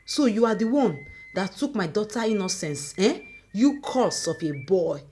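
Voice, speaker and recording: A woman voicing a furious, grieving middle-aged mother who shouts and scolds with sharp exclamations. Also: mid-range voice, animated, unhurried, slight background noise, close to an everyday voice.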